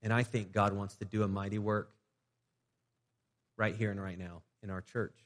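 A man's voice: on the low side, flat delivery, normal speed, a bit bright. A man preaching a sermon as pastor of a young church, in a conversational way, often restarting phrases and acting out short prayers. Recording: long church reverb.

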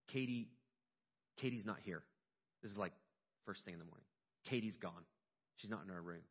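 Pastor preaching in a reverberant hall. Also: male voice, lowish voice, breathy edge. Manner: storytelling, animated and emotional at peaks. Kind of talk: sermon. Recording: dull lo-fi sound with long hall reverb.

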